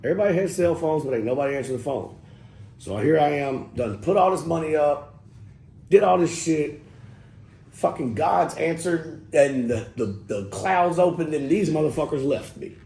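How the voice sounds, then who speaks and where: A middle-aged man, casually telling an interview story in a loose, profane, animated way and quoting people as he goes. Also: a little high, moderate pace, creaky. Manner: loose, profane, animated retelling with quoted dialogue. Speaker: rapper telling his story as guest. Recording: roomy echo with faint background noise.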